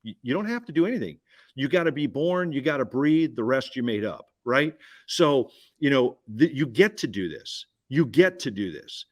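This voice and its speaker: A man giving an energetic business pitch at a roundtable, punchy and repetitive, firing questions at the listener. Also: moderate pace. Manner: punchy, repeats key phrases, asks listener questions. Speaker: guest speaker.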